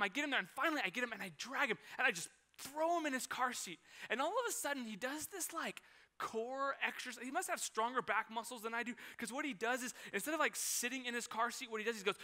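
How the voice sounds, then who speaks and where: A man's voice: very high-pitched, fast talker. A man in his thirties preaching a sermon, telling a personal story and acting out its scenes. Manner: animated storytelling, acts out scenes. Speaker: pastor.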